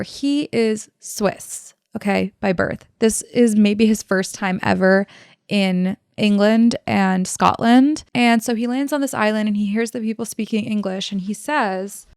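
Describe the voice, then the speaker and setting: Chatty woman host with a gravelly voice. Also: medium pitch, dry recording, clean studio sound. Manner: chatty and irreverent, slangy asides. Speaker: podcast host. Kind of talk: casual book-report retelling.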